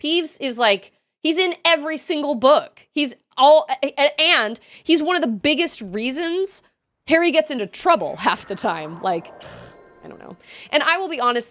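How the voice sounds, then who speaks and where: Lively chatty woman streamer. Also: sits high, moderate pace. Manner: chatty, reads chat aloud, laughs often. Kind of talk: casual chat while gaming.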